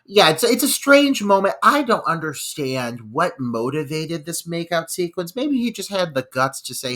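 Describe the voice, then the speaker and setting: A man's voice: on the high side, very animated, normal speed, few pauses, a bit bright. A man co-hosting a podcast, ranting in exasperation about a film scene, swearing and laughing. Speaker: podcast co-host. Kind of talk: casual film review chat.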